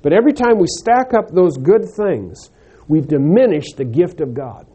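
A man preaching an expository sermon, teaching slowly and emphatically and answering his own rhetorical questions. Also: a little high, animated, dark tone, husky.

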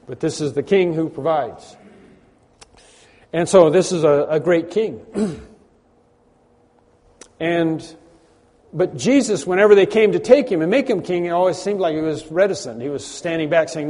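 A man preaching a conversational sermon, often clearing his throat and repeating words. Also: a little high, normal speed, long pauses, darkish tone. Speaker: pastor. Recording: long hall reverb.

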